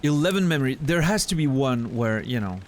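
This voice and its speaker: Male streamer, mid-pitch, musing through a puzzle game, relaxed live commentary. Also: brisk, a little hiss or hum. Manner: thinking aloud, puzzling things out. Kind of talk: casual gameplay commentary.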